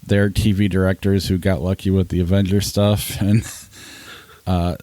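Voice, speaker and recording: A man's voice: deep voice, little pitch movement, normal speed, mellow, no room sound. A man hosting a movie podcast, bluntly criticizing a film with stumbling restarts. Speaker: podcast host. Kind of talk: casual podcast movie review.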